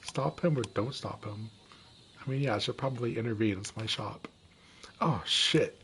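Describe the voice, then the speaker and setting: Man muttering gameplay asides, mid-pitched. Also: moderate pace, fairly bright tone, slight background noise. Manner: muttering asides to himself between lines. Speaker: gameplay streamer. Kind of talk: reading game dialogue aloud with casual commentary.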